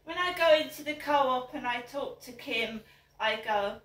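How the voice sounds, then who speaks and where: A woman's voice: high-pitched, unhurried, fairly bright tone, reverberant. A middle-aged woman speaking in an angry personal vlog, indignant and emphatic, repeating phrases for force. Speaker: vlogger. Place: home flat.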